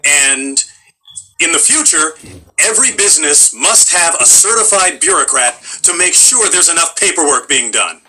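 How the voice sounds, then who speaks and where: A man's voice: a little high, expressive, moderate pace, bright, forceful tone, slight background noise, rough recording. A middle-aged male voice actor in casual interview chat, a wry, self-deprecating storyteller.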